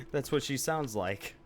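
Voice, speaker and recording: A man's voice: medium pitch, a bit bright. A man chatting casually while streaming a video game live, swearing freely and muttering asides to himself. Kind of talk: casual live gameplay chat.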